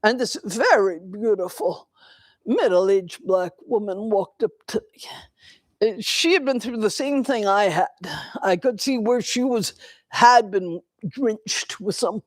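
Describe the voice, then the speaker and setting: An older woman giving a dharma talk in a temple, telling a personal story in a slow, reflective way with pauses. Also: medium pitch, expressive, no echo. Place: temple hall.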